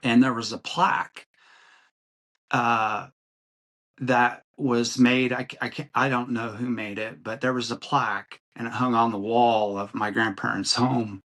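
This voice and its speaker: An older man with a mid-range voice recalls his family history at an unhurried, drawn-out pace. He stops and restarts often, filling gaps with ums and uhs as he searches for details. His tone stays reflective and personal throughout. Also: medium pitch, little pitch movement, fairly bright tone. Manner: halting, many fillers and restarts, reflective. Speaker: podcast host. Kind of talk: rambling personal storytelling.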